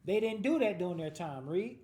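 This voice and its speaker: A man's voice: high-pitched, expressive, normal speed, warm tone. A man leading a Bible class, commenting on each verse read aloud in loose street slang and telling the class to read on. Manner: slangy, street-talk asides. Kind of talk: lively scripture commentary. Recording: roomy echoing room.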